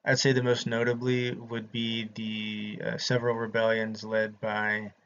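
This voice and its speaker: A man's voice: on the low side, monotone, unhurried, a bit bright. A man from the American South, giving a casual, chatty history lecture to his students with frequent ums. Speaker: instructor. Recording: slightly dull lo-fi audio with faint noise.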